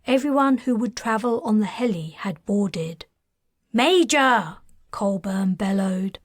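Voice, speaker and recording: A woman reading her science fiction audiobook, calm and measured. Her pace is slow and deliberate, her voice mid-pitched, and the recording is close and dry with no room sound. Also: slightly rough, dry recording. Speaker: author and narrator. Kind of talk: scripted audiobook narration.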